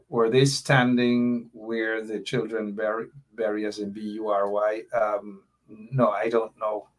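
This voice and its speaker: Impassioned Guyanese man hosting a livestream. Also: medium pitch. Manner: impassioned, reads viewer comments aloud. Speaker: show host. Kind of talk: political commentary livestream.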